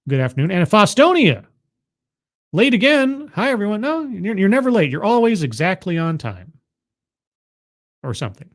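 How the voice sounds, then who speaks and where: A man with a notably high speaking voice hosts a livestream, talking back at a video he is watching. His commentary is sarcastic and incredulous. He often stumbles and restarts his words. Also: sing-song, normal speed, pauses often. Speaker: livestream host reacting to a video. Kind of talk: casual commentary.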